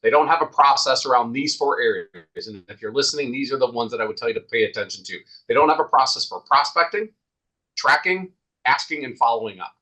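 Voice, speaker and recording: A man's voice: mid-range voice, lively intonation, fairly quick, bright, forceful tone, poor audio. A man talking as a guest in a casual podcast interview, emphatic and repeating points for stress.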